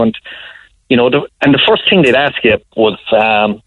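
A man's voice: medium pitch, lively intonation, moderate pace, no echo, phone-quality sound. An Irish man in his thirties calls in to a radio show and tells a long, rambling story, chuckling often and restarting his sentences. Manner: rambling, chuckling anecdote teller with many restarts. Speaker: caller. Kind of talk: casual phone-in storytelling.

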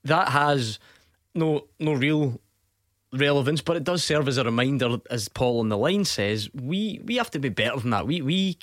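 A man hosts a sports radio phone-in in a brisk, teasing way, quick to laugh. His voice is close and dry on the studio microphone. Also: mid-range voice, lively intonation, fairly bright tone, dry recording. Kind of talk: casual radio chat.

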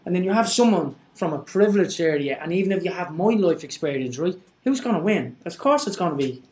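A man's voice: sits high, expressive, quick pace, a little mellow. A man in casual chat, talking earnestly and restarting his sentences. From Ireland. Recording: echoey room.

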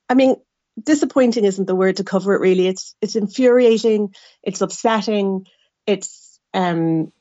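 A woman's voice: mid-range voice, darkish tone, dry recording, dull audio. An Irish woman giving a radio interview, speaking frankly and with exasperation, with wry asides. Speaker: interview guest, adopted person.

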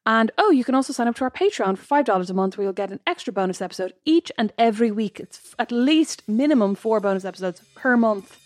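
Woman, podcast co-host, quick chatty delivery, dry close sound. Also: on the high side, animated, no room sound, soft background music. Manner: chatty, laughing, self-mocking. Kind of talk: casual chat.

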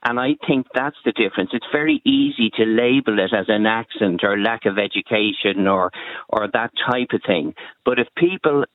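Low-voiced man on a phone line. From Dublin, Ireland. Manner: deliberate, hesitant, with many restarts. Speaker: caller. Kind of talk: radio call-in opinion.

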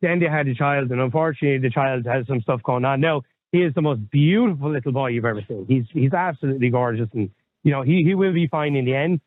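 A man in his thirties co-hosts a podcast, rambling candidly in casual chat and swearing without a second thought. He talks fast in a mid-range voice over a tinny, phone-like line with slight background noise.

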